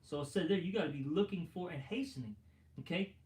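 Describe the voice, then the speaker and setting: A man's voice: a little high, quick pace, darkish tone, roomy sound. A man preaching an informal sermon and reading scripture, blunt and profane, stammering through restarts and tagging lines with "man" and "all right". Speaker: street preacher.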